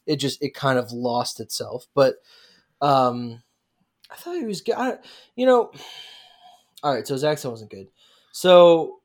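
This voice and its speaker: A man hosting a casual movie discussion, rambling with many fillers and restarts. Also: on the high side.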